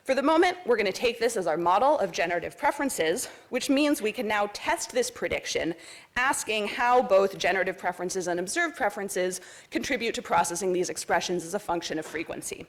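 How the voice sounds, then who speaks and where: Woman, conference presenter, academic talk, methodical, clear explanations, lecture hall. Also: mid-range voice, expressive, fairly quick.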